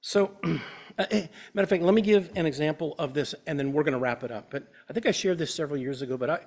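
Male pastor, fifties, preaching in a church with an earnest, chatty storytelling manner and a slightly higher voice. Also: fast talker, darkish tone. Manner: earnest, conversational, personal storytelling. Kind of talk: sermon.

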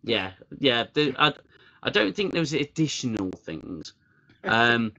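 A man's voice: mid-range voice, very animated, slow pace, sharp tone, highs cut off. A British man hosting a casual livestream chat, mocking what he reads aloud and laughing often. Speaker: host.

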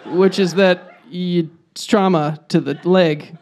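Guy fumbling thru improv, highish voice, keeps restarting, giggles. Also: steady tone, a little mellow, a faint crowd, a little hiss or hum. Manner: hesitant, halting, giggly. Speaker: improv scene partner. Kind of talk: improvised comedy scene.

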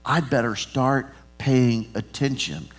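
A man's voice: mid-range voice, slow, faint music behind. A middle-aged man preaching a sermon, telling stories with humor and acting out the voices in them. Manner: animated storytelling, acts out dialogue. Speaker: pastor.

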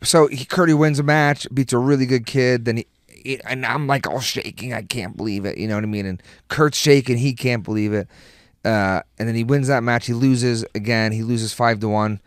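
A man's voice: mid-range voice, steady tone, normal speed, clear, resonant tone, no room sound, studio quality. A middle-aged man, a podcast guest, telling rambling, profane stories in casual chat and laughing as he goes.

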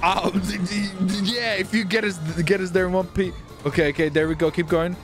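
A young man streaming improvised game role-play, excitable and panicky, who often swears. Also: high voice, brisk, soft background music.

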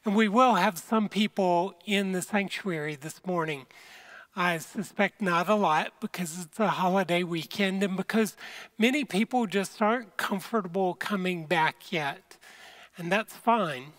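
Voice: medium pitch, unhurried, a bit bright. A pastor giving an earnest, conversational sermon from a church sanctuary and speaking directly to the people watching.

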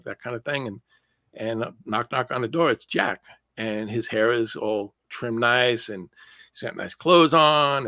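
A man speaking as an interview guest, recounting a personal story in a loose, chatty way. He is animated and often restarts his sentences mid-thought. His voice sits at a middling pitch and sounds dry, with no room echo.

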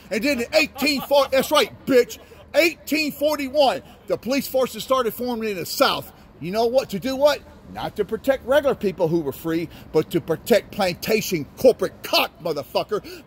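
A man in a car shouting a profane, angry rant at police. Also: high-pitched, a little hiss or hum. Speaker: vlogger. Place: in a car driving by.

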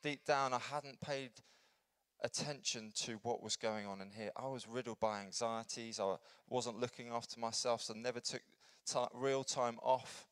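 Earnest man preaching with a smooth voice. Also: steady tone, moderate pace, no room sound. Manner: earnest, builds up then drops to a soft low voice. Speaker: pastor. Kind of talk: sermon. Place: church.

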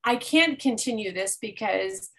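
A woman's voice: medium pitch, expressive, measured pace, fairly bright tone, low-quality recording. A woman hosting a health podcast, chatty, telling personal anecdotes to her guest. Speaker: podcast host. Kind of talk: conversational interview.

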